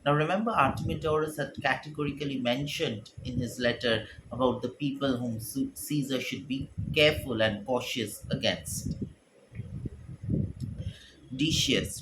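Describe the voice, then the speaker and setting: A man's voice: medium pitch, a little slow, noisy background. A male English teacher explains a play line by line, reading each passage with a dramatic tone and then paraphrasing it in plain words.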